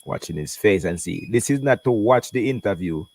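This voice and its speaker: A Jamaican man hosting a casual reaction stream, talking in patois and English with animated commentary. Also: on the low side, moderate pace. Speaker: host reacting to an interview.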